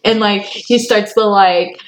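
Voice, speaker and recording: A woman's voice: mid-range voice, fairly even intonation, slow pace, poor audio. Blunt young woman, casual chat. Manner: emphatic, swears freely, laughs often.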